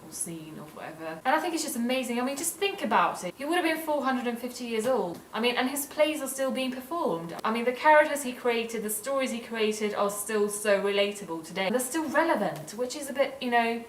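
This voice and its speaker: A woman's voice: a little high, expressive, a little fast, few pauses, roomy sound, distant mic, a little hiss or hum, poor audio. A young woman from Sweden vlogging in a casual, gushing and earnest way. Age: young adult. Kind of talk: casual vlog talk.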